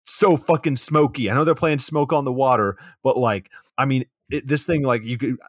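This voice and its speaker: A man's voice: mid-range voice, moderate pace, dry recording. A man in a mid-range voice walking through a movie's plot for a podcast. He talks casually and swears often, recorded dry and close with no room sound. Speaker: podcast co-host.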